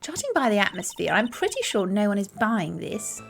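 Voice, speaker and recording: A woman's voice: mid-range voice, very animated, normal speed, vocal fry, faint music behind. A British woman live-streaming a courtroom game, chatty and self-mocking, laughing often. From Britain.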